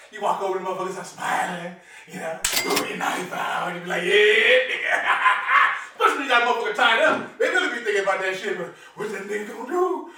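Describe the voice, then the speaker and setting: Brash high-voiced man in an echoey room. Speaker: comedic host showing his knives. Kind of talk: profane comedic monologue to camera. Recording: echoey room, mic far off, faint noise.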